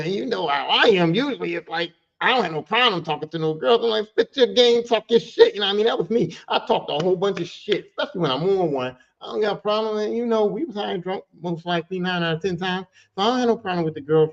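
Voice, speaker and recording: A man hosting a podcast who tells a story in a casual monologue. He talks with animated energy, swears freely and repeats phrases for emphasis. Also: on the high side, lo-fi sound. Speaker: podcast host.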